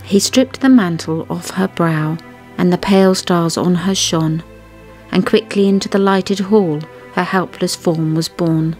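Lower-voiced woman reciting a ballad. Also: a little mellow, faint music behind. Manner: measured recitation. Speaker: co-host. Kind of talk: reading a poem aloud.

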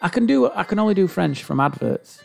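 A man's voice: sits high, expressive, fairly quick, gravelly, soft background music. A male comedian co-hosting a podcast, bantering in a playful, jokey way and playing up mock panic.

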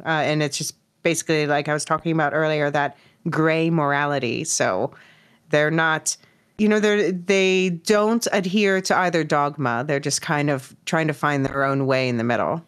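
Woman hosting a podcast, kinda low voice, chatty, explains stuff. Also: normal speed, clean tone. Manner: chatty, explains terms, laughs easily. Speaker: podcast host. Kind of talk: casual podcast chat.

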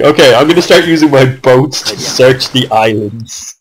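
A man's voice: mid-range voice, normal speed, few pauses, low-quality recording. A young man giving casual commentary on his own strategy game match, swearing often and venting at his opponent.

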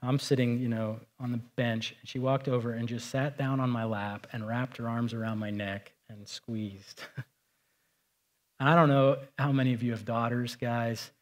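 A man's voice: medium pitch, fairly even intonation, unhurried. A middle-aged man preaching a sermon as pastor, talking in a conversational storytelling way that rises to emphatic points.

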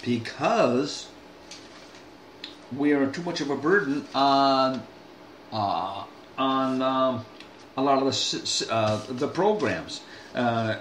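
A man's voice: medium pitch, a little hiss or hum. An older man talking straight to his viewers in a folksy, rambling way, full of restarts and asides. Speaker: vlogger. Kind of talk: casual rambling monologue. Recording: echoey room, faint ambience.

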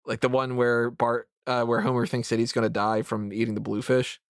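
A man's voice: medium pitch, flat delivery, a little fast, no room sound, clean studio sound. A man in his thirties hosting a casual podcast roundtable, rambling and self-mocking, laughing often as he talks. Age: 30s. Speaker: podcast host.

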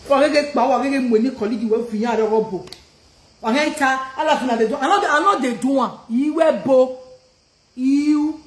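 A woman's voice: high voice, moderate pace, reverberant. A woman with a Nigerian accent ranting confrontationally on a live stream, repeating her questions and switching languages mid-sentence. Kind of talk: heated live-stream rant.

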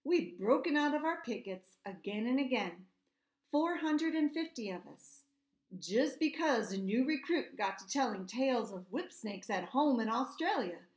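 A woman voicing a proud male cavalry troop horse who lectures in an earnest, brisk way. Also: high voice, very animated, echoey room, pitched above the performer's own voice.

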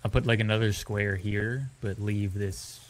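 A young man describing his build in casual gaming chat, relaxed and halting. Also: lowish voice, faint music behind. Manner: relaxed, halting, lots of fillers.

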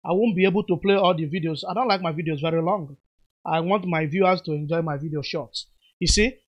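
A man giving unhurried, explanatory commentary on video clips, with moralizing asides. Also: sits high, fairly bright tone. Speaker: commentary vlogger.

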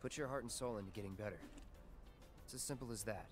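A gruff older male mentor from a video game, voiced by an actor, low-pitched and quick, clipped in his advice. His lines ride over loud game music. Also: lightly acted. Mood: curt.

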